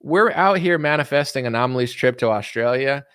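A man's voice: mid-range voice, lively intonation, a little fast, fairly bright tone, smooth, no echo, clean studio sound. A man from the United States answering viewer questions in a casual, rambling, joking livestream chat. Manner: rambling, joking, reads viewer comments aloud.

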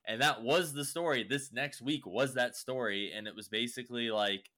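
A man's voice: mid-range voice, normal speed, few pauses, bright, forceful tone. A young man casually recapping a show, rambling with lots of fillers and swearing. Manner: rambling, heavy use of "like" and swearing.

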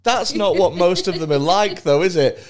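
A man's voice: high-pitched, moderate pace. A man in casual podcast chat who tells blunt, sweary, jokey stories.

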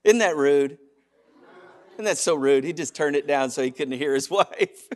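A high-voiced man preaching to a congregation. He talks in a loose, conversational way, with animated stretches and sudden quiet, gentle asides. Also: normal speed. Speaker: pastor. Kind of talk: sermon.

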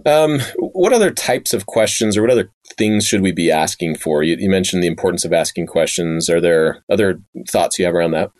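Male host, very low voice, dry close sound, upbeat and affirming. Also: expressive, a little mellow, dry recording. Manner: upbeat, affirming, quick to laugh. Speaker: podcast host. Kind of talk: casual interview talk.

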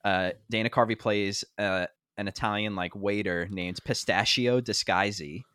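Give me a young man with a lowish voice, in a rambling podcast chat. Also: steady tone, normal speed, fairly bright tone, clean tone, no room sound. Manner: rambling storyteller, heavy on fillers, laughs often. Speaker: podcast co-host. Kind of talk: casual chat.

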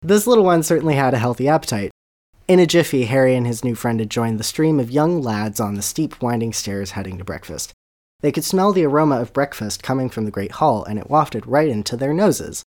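Animated podcast host reading aloud. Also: mid-range voice, brisk. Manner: animated, giggly, sarcastic narration.

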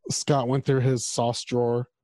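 A man's voice: medium pitch, level tone, a little slow, dark tone, no room sound, rough recording. A man co-hosting a podcast, chatting casually and rambling about food and guitar gear. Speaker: podcast co-host. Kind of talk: casual chat. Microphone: home mic over video call.

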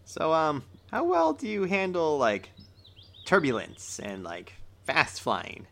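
A man plays a tabletop game with a bright, sharp-edged voice and a lively, bouncing pitch. He teases and jokes as he goes. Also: takes it slowly, vocal fry. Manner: playful, teasing, laughs often. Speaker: player. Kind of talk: playing a tabletop game podcast.

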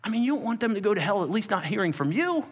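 Animated man preaching a lively sermon. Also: high-pitched, racing, husky, long reverb tail. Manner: animated, jokey storytelling, swings between loud and hushed. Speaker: pastor. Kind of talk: lively sermon with acted-out quotes.

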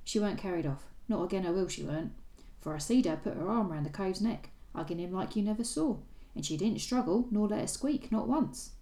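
A woman's voice: medium pitch, lively intonation, brisk, few pauses, warm tone, roomy sound, close to an everyday voice. Woman doing a cheeky Cockney servant boy. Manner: thieves' cant, sulky and defensive. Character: scrappy young male servant boy, cheeky thief. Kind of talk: reading aloud from a novel.

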